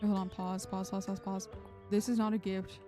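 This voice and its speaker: A woman's voice: medium pitch, flat delivery, normal speed, warm tone, soft background music. A woman streamer chatting casually through gameplay, muttering to herself and swearing now and then.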